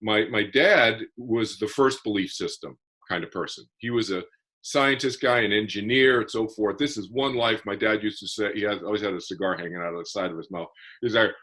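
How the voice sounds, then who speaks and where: Husky man explaining earnestly. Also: on the low side, a little fast, fairly bright tone. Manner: earnest, explanatory, with frequent repeated restarts. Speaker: author and interview guest. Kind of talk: casual interview conversation.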